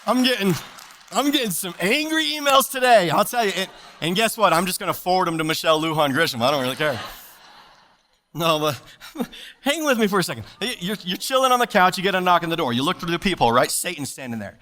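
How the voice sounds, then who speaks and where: A man preaching a sermon as pastor, animated and playful, slipping jokes and asides between scripture readings. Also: sits high, fairly quick. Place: church service.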